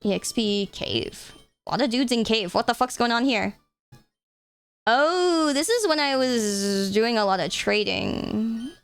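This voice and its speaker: A young woman streamer chatting casually while playing games, swearing freely and getting excitable. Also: fairly high pitch, a little slow, smooth, soft background music. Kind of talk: casual live-stream chat.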